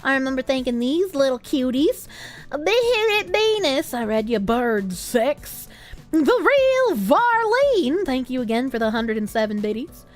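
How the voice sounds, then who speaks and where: A young woman streamer chatting casually and reading out donations, animated and swearing freely. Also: a little high, normal speed, few pauses, faint music behind.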